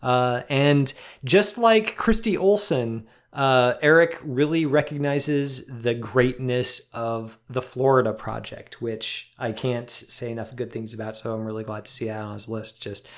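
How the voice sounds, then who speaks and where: A man co-hosting a film podcast, talking in a thoughtful, halting way with fillers. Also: medium pitch. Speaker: podcast co-host. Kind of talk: casual film discussion.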